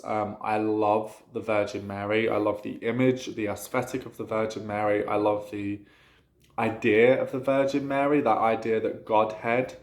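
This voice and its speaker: A man's voice: fairly low pitch, echoey room. A man talking casually to camera about his practice in a chatty, rambling way, with lots of fillers. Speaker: witchcraft vlogger.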